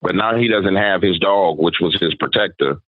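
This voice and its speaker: Deep-voiced man telling a story. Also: normal speed, slightly rough, dry recording. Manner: conversational, quotes people in his story. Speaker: podcast guest, paranormal storyteller. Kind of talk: casual storytelling. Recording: thin phone-like sound.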